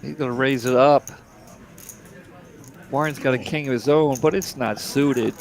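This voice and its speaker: Man, middle-aged, gravelly, poker commentator, laid-back play-by-play, from Delaware. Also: mid-range voice, moderate pace.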